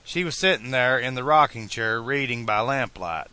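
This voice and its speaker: A man narrating a fan-made audiobook in a slow, deliberate reading style. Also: mid-range voice, pushed and bright, clean tone, no echo.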